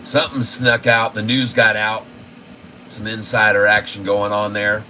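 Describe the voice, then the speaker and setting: A man hosting a stock market livestream, giving casual, excited commentary and talking to his viewers as folks. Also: lowish voice, unhurried, slight background noise, low-quality recording.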